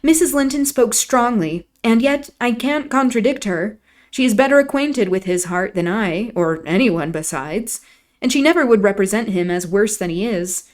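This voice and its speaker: A woman's voice: mid-range voice, lively intonation, normal speed, lightly acted. A woman doing a tearful, infatuated young girl. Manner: pleading, wounded.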